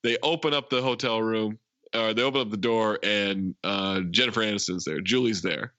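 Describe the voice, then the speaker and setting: A man's voice: lowish voice, normal speed, sharp tone, no echo, lo-fi sound. A man co-hosting a podcast, casually retelling movie scenes, acting out the lines and laughing often. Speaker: podcast co-host. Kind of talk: casual movie recap chat.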